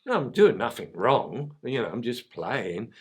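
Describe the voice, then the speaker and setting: A man's voice: mid-range voice, very animated, a little slow, slightly rough. A man voicing an anxious London puppy. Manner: earnest, anxious storytelling. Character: worried young male puppy.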